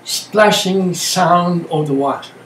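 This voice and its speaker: A meditation teacher, a man with a high voice, talks very slowly in short, halting phrases and plain words. The mic sits well away from him in a roomy, echoing space, with faint noise in the background. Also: fairly bright tone. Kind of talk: slow reflective talk. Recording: echoey room, distant mic, faint noise.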